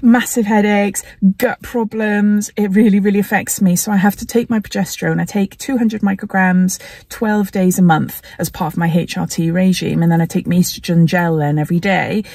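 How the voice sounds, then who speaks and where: Middle-aged woman, candid personal vlogger, mid-pitched voice, dry recording. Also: steady tone, moderate pace, darkish tone, dry recording. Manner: candid, emotional, laughs often. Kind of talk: personal health vlog.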